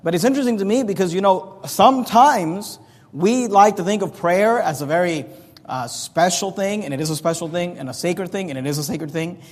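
A man's voice: sits high, a little fast. A man preaching a sermon as pastor, explaining scripture in an earnest, plain-spoken way with frequent restarts. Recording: long reverb of a large hall.

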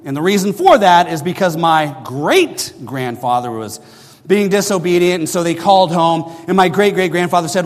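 A man's voice: high voice, animated, normal speed. A middle-aged man preaching a sermon, telling a personal story in a conversational way and often checking in with the listeners. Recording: long hall reverb.

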